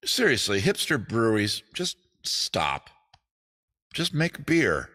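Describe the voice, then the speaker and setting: A man's voice: fairly low pitch, huge pitch swings, slow pace, sharp tone. A man hosting a casual comedy stream from home, rambling loosely and swearing as he jumps between bits and asides. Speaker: comedy show host. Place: home studio. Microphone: streaming setup with cameras.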